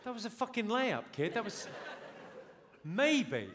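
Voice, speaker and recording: High-voiced comedian onstage. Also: male voice, sing-song, measured pace, heavy background noise. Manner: dry, mock-stern lecturing of an audience member. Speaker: stand-up comedian. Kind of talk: stand-up comedy set. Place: large theater stage. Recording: live show with loud crowd laughter.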